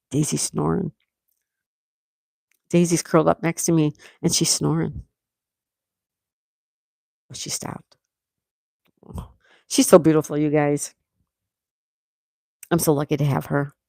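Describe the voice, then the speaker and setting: A woman's voice: low-pitched, flat delivery, takes it slowly, vocal fry, long pauses, warm tone, no room sound, studio quality. A woman from the United States hosting a casual live stream, chatting and reading viewer comments aloud in an upbeat way. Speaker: livestream host.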